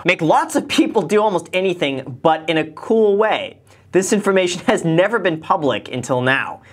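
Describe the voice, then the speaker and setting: A man hosting a casual reaction video, animated and joking, with mocking asides. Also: high-pitched, normal speed. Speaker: host, finance YouTuber.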